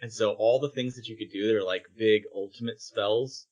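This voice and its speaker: A man's voice: lowish voice, steady tone, a little mellow. A man co-hosting a podcast, casually chiming in with corrections and laughing along. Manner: quick to laugh, chimes in with clarifications. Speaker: podcast co-host. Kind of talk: casual chat.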